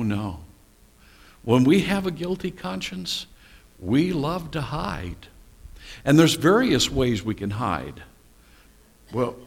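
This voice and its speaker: Male pastor, sermon, slow deliberate pace, rhetorical questions, anecdotes. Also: mid-range voice. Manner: storytelling with rhetorical questions and asides.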